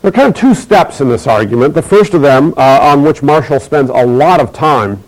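A middle-aged man giving a recorded university lecture, measured and emphatic, slowing to repeat key phrases. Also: a little high, lively intonation, darkish tone, low-quality recording.

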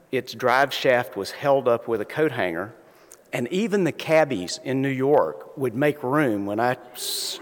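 A man with a Southern North Carolina accent, telling humorous stories in a slow, drawling talk. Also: medium pitch. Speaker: invited speaker. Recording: long reverb of a lecture hall.

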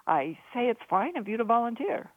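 Deadpan young sailor, read by a woman, slightly raised pitch. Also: normal speed, no echo. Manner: deadpan replies. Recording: dry, phone-like narrow sound.

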